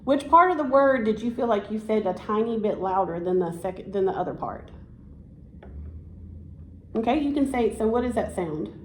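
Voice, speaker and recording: In an echoey room with a touch of hiss, a woman teacher runs a one-on-one science lesson, prompting her student to repeat after her with warm encouragement and praise. Her mid-range voice is animated and moves at a moderate pace.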